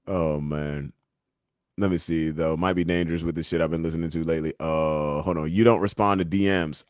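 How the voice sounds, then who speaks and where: A young man hosts a casual livestream, reacting to memes and chat messages with loose, joking banter. His voice sits on the low side but jumps around a lot in pitch. The sound is dry and close to the mic. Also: dry recording. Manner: laid-back, joking, laughs often, swears. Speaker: livestream host.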